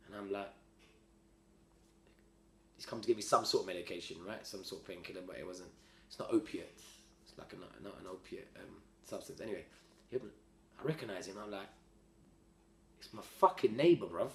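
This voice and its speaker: Low-voiced man spinning a story. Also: fairly quick, pauses often. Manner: slangy, rambling, animated storytelling. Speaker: podcast guest. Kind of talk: casual storytelling. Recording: roomy echo.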